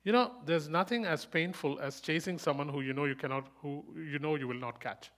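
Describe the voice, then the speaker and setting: A man preaches to a live congregation in a voice that sits a little high for a man. He tells stories with lively humour and laughs often. He repeats his key lines for emphasis. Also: brisk. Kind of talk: sermon with personal anecdote.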